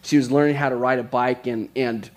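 A man as pastor, preaching a sermon in a conversational way and telling stories with quick asides. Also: medium pitch, steady tone.

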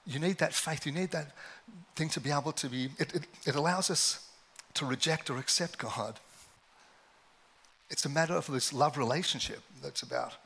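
Husky bright-voiced male preacher. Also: on the high side, moderate pace, pauses often. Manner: conversational, self-deprecating, laughs often. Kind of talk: sermon with personal stories.

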